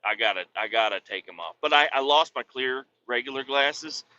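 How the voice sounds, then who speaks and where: A man's voice: mid-range voice, animated, moderate pace, pushed and bright, muffled recording. A man telling profane, joking stories in a casual rambling monologue while driving a truck. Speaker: vlogger. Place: in a truck on a rainy day.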